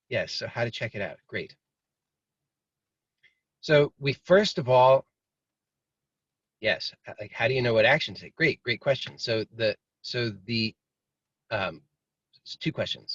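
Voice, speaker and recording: A man's voice: medium pitch, husky, dry recording. Guy teaching over a dull muffled call, dry sound, loose and rambly. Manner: relaxed and rambling, acts out inner voices. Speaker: meditation teacher. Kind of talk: casual spoken teaching. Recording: dry, slightly muffled video call audio.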